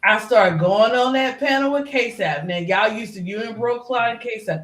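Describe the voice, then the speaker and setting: A woman's voice: medium pitch, moderate pace, hardly any pauses, echoey room. A middle-aged woman who is a regular on a livestream panel, talking in a casual, rambling way full of fillers. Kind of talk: casual chat.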